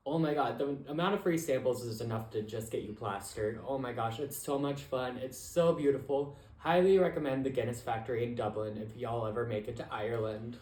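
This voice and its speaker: A man co-hosting a podcast in casual chat, animated and campy with playful slang. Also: mid-range voice, brisk, few pauses. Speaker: podcast co-host. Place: room at home, with the co-host across a coffee table. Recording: echoey room.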